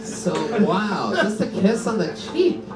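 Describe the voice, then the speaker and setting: A man's voice: high voice, very animated, slow, over loud music. A man hosting a live comedy podcast, interviewing a comedian on stage and teasing her with questions between laughs. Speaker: host. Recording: echoey live venue, mic far, loud crowd.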